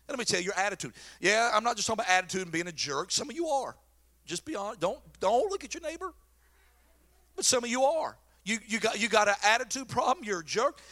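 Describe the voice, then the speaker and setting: Animated, bright-voiced preacher man. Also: high-pitched. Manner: folksy, joking, animated storyteller. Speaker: pastor. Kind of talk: sermon.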